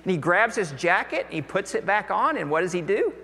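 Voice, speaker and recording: A man preaching a sermon, telling a Bible story in an animated way and acting out the voices of its people. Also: high-pitched, fairly quick. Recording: long hall reverb.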